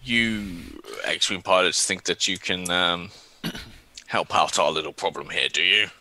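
A man voicing an elderly male alien commodore, slow and commanding in a tabletop game. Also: sits low, vocal fry, pushed and bright, exaggerated voice. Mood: challenging. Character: elderly male Mon Calamari commodore, stern officer.

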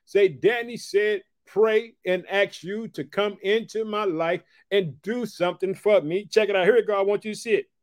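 Male preacher, high voice, slow emphatic scripture reading broken by quiet asides and catchphrases. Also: steady tone, no echo, clean studio sound. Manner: punctuates reading with repeated catchphrases and call-outs; prays aloud for listeners. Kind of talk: sermon teaching from scripture.

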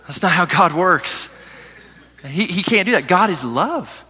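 A man preaching a sermon as pastor, reading scripture slowly and asking his listeners questions. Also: fairly high pitch, slightly rough. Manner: animated preaching, reads scripture slowly, asks the audience questions.

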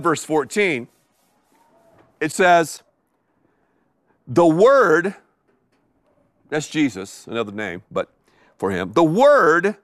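A middle-aged pastor delivers a sermon live before his congregation in a high, lively voice that rises and falls. He paces himself slowly and deliberately, repeating key words for emphasis in an animated way. The recording is dry and close, with no room sound.

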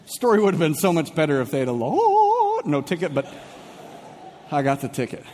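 A young man preaching a sermon as a pastor, telling a comic personal story with lively, animated delivery and shifting pace. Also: fairly high pitch, fairly quick, long reverb tail. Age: young adult.

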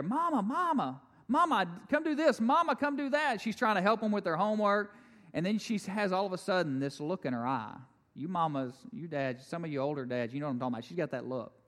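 A man preaching a sermon, animated and conversational, with jokes and asides to the congregation. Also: on the high side, in a large hall. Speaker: pastor.

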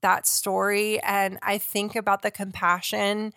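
A woman's voice: medium pitch, flat delivery, a little slow, gravelly, a bit bright, clean tone, no room sound, studio quality. A woman co-hosting a podcast, talking about films in a thoughtful way, often searching for words. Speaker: podcast co-host. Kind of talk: casual film discussion.

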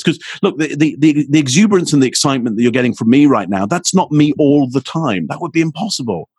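A man speaking as a communications expert guest in an interview, energetic and acting out little exchanges as he explains. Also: fast, few pauses, slightly rough, dry recording. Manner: energetic, acts out quoted exchanges with rising pitch. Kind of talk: animated interview answer.

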